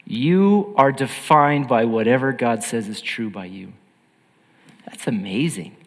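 Guy preaching a sermon, earnest and emphatic, mid pitch, echoing like a big hall. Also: expressive, a little slow. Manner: earnest, emphatic, swings between loud and hushed.

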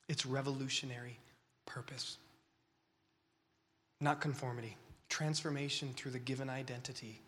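A man preaching to a young crowd with great passion, dropping to whispers and rising to shouts, while fighting the flu. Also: mid-range voice, fairly even intonation, a little slow, long pauses. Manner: impassioned, swinging from whispers to shouts. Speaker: speaker at a youth gathering. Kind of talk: sermon. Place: large hall. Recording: long reverb of a large hall.

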